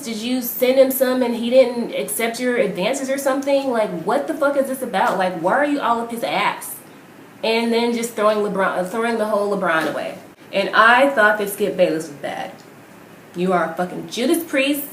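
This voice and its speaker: A woman's voice: a little high, normal speed. A woman vlogger delivering a heated, profane rant, firing off rhetorical questions. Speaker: vlogger ranting about basketball. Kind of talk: profane angry rant to camera. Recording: roomy echo with faint noise.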